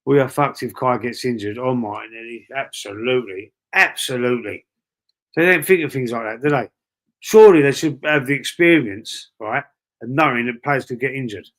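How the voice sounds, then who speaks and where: A man from East London with a Cockney accent speaks in a mid-range, slightly bright voice, a little fast. Hosting a casual livestream, he reads out chat, chatting freely, swearing and calling viewers bro and mate.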